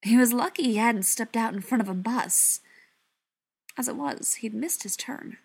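A woman reading a story aloud in a soft, often half-whispered voice. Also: a little high, normal speed, gravelly, husky. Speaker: narrator. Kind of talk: audiobook narration.

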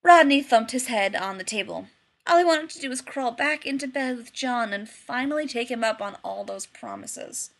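A woman reading a story aloud in a lively, expressive narration. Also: on the high side, normal speed. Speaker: reader.

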